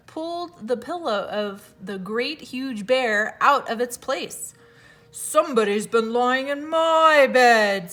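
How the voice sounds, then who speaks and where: A woman teacher reading a fairy tale aloud to children, expressive, with small slips and self-corrections. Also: a little high.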